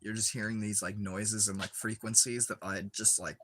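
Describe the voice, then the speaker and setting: A man's voice: fairly low pitch, steady tone, brisk, fairly bright tone, slight background noise. A young man chatting casually while he plays a game, rambling with lots of filler words and frequent giggles. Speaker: gaming streamer.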